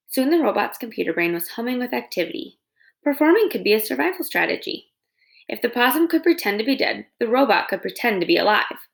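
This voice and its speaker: A woman's voice: fairly high pitch, big pitch swings, quick pace, gravelly. A woman reading a children's novel aloud in installments, telling the story expressively. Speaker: reader.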